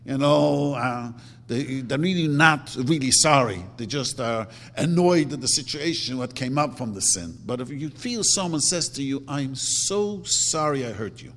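A man's voice: medium pitch, expressive, normal speed, a bit bright. A man teaching a religious lecture, emphatic, repeating his words and acting out quotes. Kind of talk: Torah lecture. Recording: long hall reverb.

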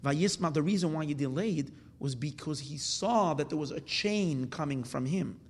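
Husky man teaching in a reverberant hall. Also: on the high side, moderate pace. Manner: explanatory, asks and answers his own questions; mixes Hebrew terms into English, with restarts and fillers. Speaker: Torah teacher. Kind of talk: Torah class explaining verses.

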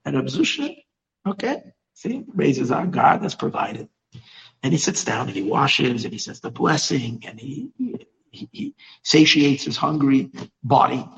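A male preacher telling a religious story in an animated way, often repeating and restarting his words. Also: mid-range voice, a little slow, vocal fry, dull audio. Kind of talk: storytelling sermon.

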